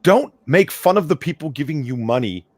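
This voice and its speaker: A man co-hosting a casual stream chat, ranting with animated energy and swearing freely. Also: fairly high pitch, moderate pace, no echo. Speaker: co-host. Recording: dry close-miked audio.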